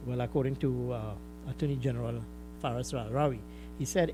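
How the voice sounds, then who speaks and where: A Trinidadian man hosts a call-in radio show in a steady, mid-pitched voice. He talks emphatically and repeats important words to hammer them home. Music plays clearly behind him. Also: brisk, low-quality recording.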